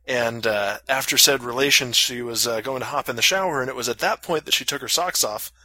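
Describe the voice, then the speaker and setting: A man's voice: medium pitch, fairly quick, sharp tone, no room sound. A man casually telling a long story on a podcast, full of fillers and crude jokes. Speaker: podcast co-host.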